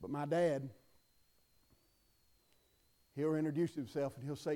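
A man preaching a sermon as pastor, reading scripture aloud and swinging between loud proclamations and hushed asides. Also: fairly high pitch, steady tone, unhurried.

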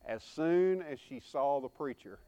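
Folksy preacher, smooth higher voice. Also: male voice, animated, measured pace, dark tone, muffled recording. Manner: folksy storytelling preacher, calls for congregation response. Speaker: pastor. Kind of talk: sermon.

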